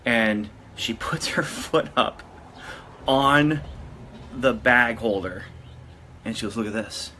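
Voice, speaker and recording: A man's voice: medium pitch, slow, long pauses, pushed and bright, a little hiss or hum. A man casually telling a story to his video audience, rambling and often restarting his sentences. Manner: rambling, with frequent restarts and self-corrections. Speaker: vlogger.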